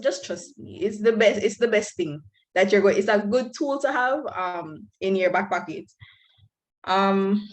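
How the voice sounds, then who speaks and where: A woman's voice: medium pitch, poor audio. A young woman from Belize, giving frank, earnest advice to new students on a video call. She speaks candidly and laughs lightly now and then.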